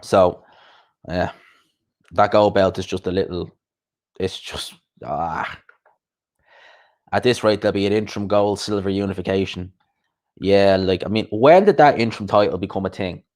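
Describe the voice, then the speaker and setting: A man's voice: sits low, moderate pace, pauses often, a little mellow. A man hosting a live boxing chat, rambling casually and answering viewers' comments.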